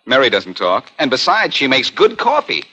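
A man's voice: medium pitch, huge pitch swings, normal speed, pushed and bright, full character voice. An actor playing a cool, cocky male hero who trades wry, breezy wisecracks, in the manner of 1940s radio acting, heard on a muffled old radio recording.

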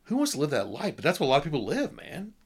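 A man's voice: on the high side, huge pitch swings, racing, slightly rough. A man in his forties, a podcast guest, chatting candidly in a blunt, rambling way with many restarts. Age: 40s. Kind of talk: casual conversation.

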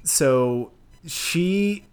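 A man's voice: on the high side, extremely slow, clear, resonant tone. A man co-hosting a podcast, talking casually about a film, swearing freely and laughing often. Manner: animated, profane, laughs often. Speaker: podcast co-host. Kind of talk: casual movie discussion.

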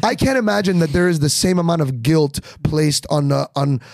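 Young man, comedian, animated storytelling, slightly high voice, dry studio sound. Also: creaky, no room sound. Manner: animated, acts out bits with quick quoted voices. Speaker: comedian guest. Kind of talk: casual podcast chat, comic storytelling.

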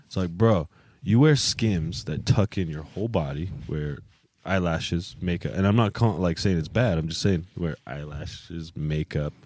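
A man's voice: low-pitched, normal speed, a little mellow, a little hiss or hum. A young man co-hosting a podcast, chatting casually with frequent swearing and laughter. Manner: crude, swearing, laughs often. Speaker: podcast co-host. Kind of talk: casual chat.

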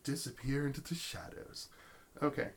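A man's voice: medium pitch, moderate pace, husky. A man narrating as game master of a tabletop role-playing game, telling the story with many fillers and restarts.

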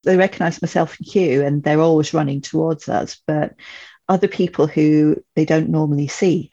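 Low gravelly woman, muffled sound. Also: fairly even intonation, moderate pace. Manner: chatty, playful, warm storytelling about her hens. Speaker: guest. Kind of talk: casual podcast chat.

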